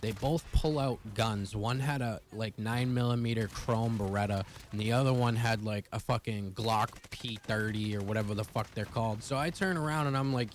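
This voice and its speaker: A man's voice: on the low side, a little hiss or hum. A young man telling a personal story to his viewers in a casual, profane, rambling way. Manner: profane, fast-rambling retelling. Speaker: vlogger.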